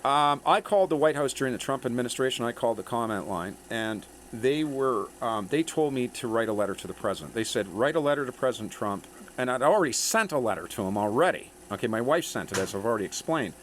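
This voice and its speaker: A man's voice: medium pitch, lively intonation, fast talker, slight background noise. A man in a rambling monologue to viewers, emphatic and checking in with "okay?" and "eh?". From Canada.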